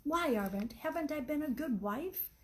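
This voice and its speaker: A woman's voice: sits high, lively intonation, moderate pace, slight background noise, voice pushed up. A woman reading the part of a betrayed wife who pleads and accuses. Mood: hurt. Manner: pleading, rising to sharp.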